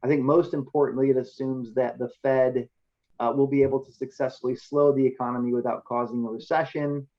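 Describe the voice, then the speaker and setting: A man's voice: medium pitch, little pitch movement, brisk, highs cut off. A male economist giving a slide presentation in a conversational, explanatory way, often checking in with the audience.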